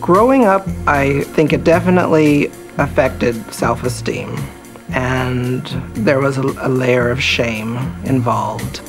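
A man in his thirties from the United States, speaking slowly and reflectively in an interview. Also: mid-range voice, music in the background. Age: 30s.

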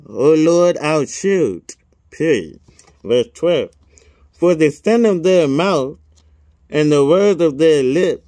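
Man, slightly high voice, reading scripture aloud at a slow pace, speaking the punctuation; casual asides. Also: a little mellow, no echo, clean studio sound. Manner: reads each punctuation mark aloud, adds casual asides. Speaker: scripture reader.

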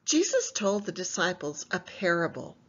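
A woman teaching a Bible lesson to young children in an animated way, asking them questions and answering them herself. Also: fairly low pitch, moderate pace, husky, dull audio.

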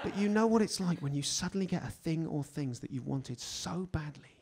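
A British man in his forties performing a stand-up comedy set, telling stories with sudden loud outbursts. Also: a little high, expressive, normal speed, heavy background noise. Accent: British English. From England. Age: 40s. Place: comedy stage before a live audience.

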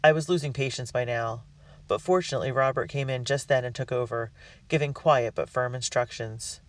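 A man narrating a storybook in the first person with an earnest, expressive delivery. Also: mid-range voice, brisk. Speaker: audiobook reader. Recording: dry, distant mic.

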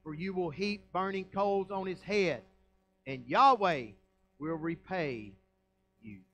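A man's voice: high voice, lively intonation, takes it slowly, a bit bright, faint music behind, poor audio. A man with a Southern American accent, a pastor preaching a folksy, emphatic sermon full of rhetorical questions. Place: church sanctuary.

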